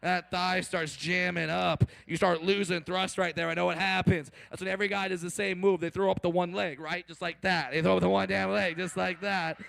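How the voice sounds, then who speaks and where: This stand-up comic speaks a little fast in a creaky voice with little pitch movement and few pauses. He's brash and profane onstage, hitting punchlines loudly, ribbing the audience, and imitating others in higher voices.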